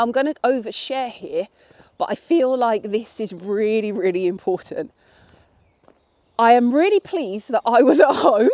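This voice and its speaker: A woman's voice: on the high side, dark tone. A woman vlogging in a candid, rambling way, with restarts, while out walking her dog. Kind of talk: casual chat. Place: outdoors on a path.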